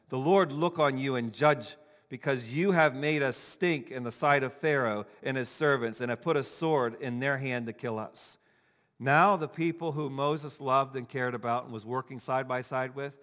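A male pastor preaching a sermon, animated, acting out the people he quotes. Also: mid-range voice. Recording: long hall reverb.

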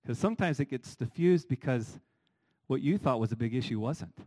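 A middle-aged man preaching a sermon as pastor, animated, asking the congregation rhetorical questions. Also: mid-range voice, normal speed, rough recording.

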